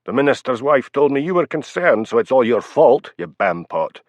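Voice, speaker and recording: A man's voice: mid-range voice, big pitch swings, normal speed, dry recording, pitched above the performer's own voice, close to an everyday voice. Man doing a snarling drunk Scot. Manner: snarling, hostile. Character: drunk, bad-tempered middle-aged man. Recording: dull lo-fi, dry.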